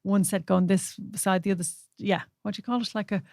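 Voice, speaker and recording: A middle-aged Irish woman hosting a casual chat, telling a story in a chatty, animated way. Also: mid-range voice, fast talker, no room sound, clean studio sound. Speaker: podcast host.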